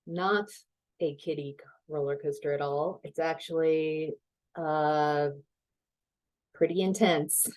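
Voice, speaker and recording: A woman's voice: sits low, steady tone, takes it slowly, long pauses, a little mellow, poor audio. A woman tarot reader giving a casual reading, telling stories in a chatty way and laughing easily.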